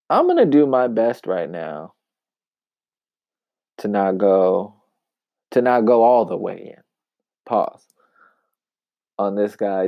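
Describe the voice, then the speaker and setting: A man giving casual commentary in an emphatic, wry way, with long pauses, on a dull, dry lo-fi recording. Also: fairly low pitch, no echo. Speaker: commentary vlogger.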